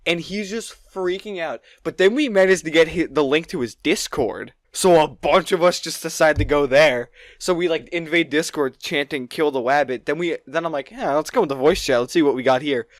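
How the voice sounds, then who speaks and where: A man co-hosting a podcast, telling a long story in casual chat, rambling and excitable, with plenty of swearing. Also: a little high, moderate pace, few pauses, dry recording. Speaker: podcast co-host.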